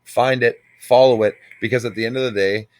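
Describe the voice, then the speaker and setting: A man's voice: medium pitch, fairly even intonation, fairly quick, a little hiss or hum. A man in his twenties in casual podcast chat, blunt and emphatic, swearing freely. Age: 20s.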